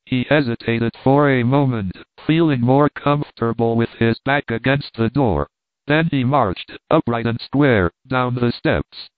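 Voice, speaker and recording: A man narrating a classic novel aloud in a steady, measured way. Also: mid-range voice, dry recording. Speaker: audiobook narrator. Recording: tinny phone-like line, dry.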